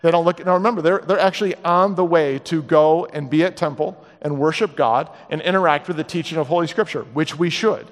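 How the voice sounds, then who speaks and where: A middle-aged man preaching a sermon in a church, telling stories in a comic, animated way and acting out the voices. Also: fairly high pitch, a little fast, few pauses, in a large hall. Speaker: guest preacher. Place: church sanctuary.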